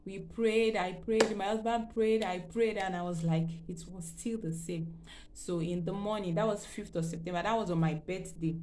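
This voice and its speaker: A woman's voice: on the low side, darkish tone, slight background noise. A woman vlogger telling her own pregnancy story in a rambling, emotional way, full of fillers and repeats. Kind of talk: personal storytelling.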